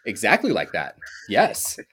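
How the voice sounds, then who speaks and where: A man hosting a casual movie podcast, talking in a rambling way with halting restarts and frequent laughs. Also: lowish voice, wildly swooping pitch, a bit bright, husky. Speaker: podcast host.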